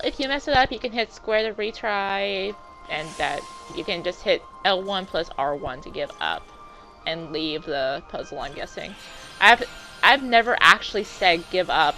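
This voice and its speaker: A woman's voice: medium pitch, pushed and bright. A young woman giving casual, chatty let's-play commentary, self-deprecating and full of exclamations. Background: game music.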